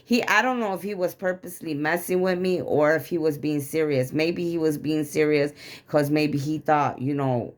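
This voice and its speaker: A woman's voice: deep voice, normal speed. A woman from the Chicago area giving an emotional, rambling, profanity-laced confessional rant to camera. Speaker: vlogger.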